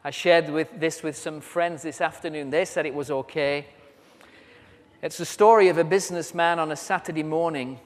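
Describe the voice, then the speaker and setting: A British man preaching at a convention, telling stories with humor as he walks about. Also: fairly high pitch. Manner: storytelling with humor, walks around while speaking. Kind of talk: sermon. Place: large convention hall. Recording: reverberant hall.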